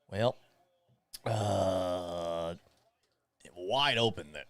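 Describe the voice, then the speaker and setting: A low-pitched, unhurried man in his thirties who grew up in Florida hosts a casual live watch party like a sports talk host. He rambles chattily, calling plays with play-by-play asides and reading viewer chat.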